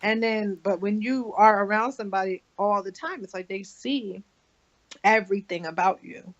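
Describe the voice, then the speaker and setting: A woman chatting casually as a show co-host, quick and playful in her delivery. Her voice sits at a middle pitch, and the recording sounds a little dull and lo-fi. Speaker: podcast co-host. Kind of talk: casual chat.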